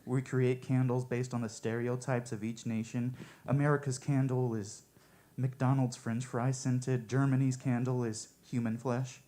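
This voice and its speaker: A man performing stand-up one-liners at a coffee shop open mic, with a deadpan, offhand delivery. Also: medium pitch, unhurried, slight background noise.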